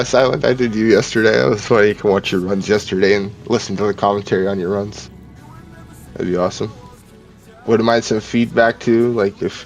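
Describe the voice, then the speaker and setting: A man's voice: fairly low pitch, vocal fry. A man from Ontario, doing joking, hyped play-by-play commentary on drift runs. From Ontario, Canada. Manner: hyped, joking, showman patter.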